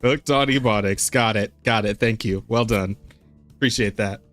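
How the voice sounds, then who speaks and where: A man co-hosting a podcast in casual chat, relaxed and self-deprecating, laughing often. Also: lowish voice, moderate pace, soft background music. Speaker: podcast co-host.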